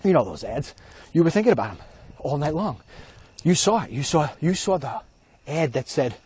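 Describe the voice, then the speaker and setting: Slightly high and husky with a darkish tone, this man's voice is very animated at a moderate pace. He hosts a rambling, sarcastic comedic monologue while walking outside at night.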